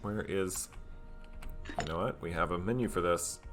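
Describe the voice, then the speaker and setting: In a low voice at a moderate pace, a gameplay commentator stays in character for his strategy let's play. His tone is musing and playfully boastful, marked by frequent hesitant fillers, with faint music in the background.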